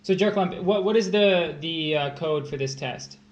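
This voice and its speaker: A man's voice: on the high side, normal speed, dull audio. A man tutoring test prep on a casual livestream, joking and rambling as he explains math. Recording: echoey room, faint hiss.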